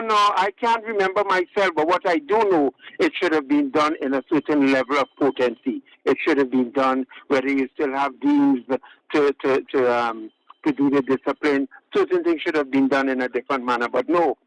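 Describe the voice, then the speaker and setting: A man's voice: medium pitch, lively intonation, normal speed, no echo, low-quality recording. A man calling in to a radio talk show, giving his opinion earnestly and stressing his points by repeating words. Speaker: radio call-in caller. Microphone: phone line to radio studio.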